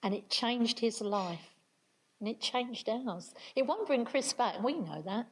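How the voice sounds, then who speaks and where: A woman's voice: fairly high pitch, lively intonation, unhurried, slightly rough, low-quality recording. An older woman, speaking to an audience in an earnest, reflective way. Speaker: speaker at a talk on restorative justice. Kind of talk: storytelling talk to an audience.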